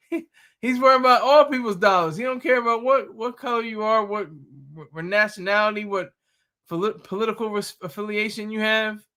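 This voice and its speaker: A man with a high, sharply bright voice, chatting casually and excitably. He keeps tripping over his words and restarting his sentences. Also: normal speed. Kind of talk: casual chat.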